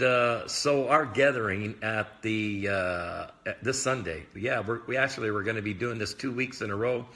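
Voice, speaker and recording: A man with a slightly low but bright, forward voice speaks off the cuff in a casual livestream. He rambles as a minister sharing thoughts, circling back with plenty of fillers and quick asides. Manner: rambling, loose, filler-heavy talk; admits talking fast. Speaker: prophetic minister. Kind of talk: casual live video chat.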